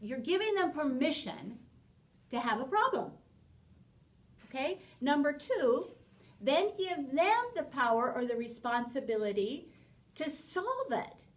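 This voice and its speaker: High-voiced woman teaching a parenting class. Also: measured pace, recorded from a distance, low-quality recording. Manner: animated, acts out little dialogues with children. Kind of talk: spoken class lecture.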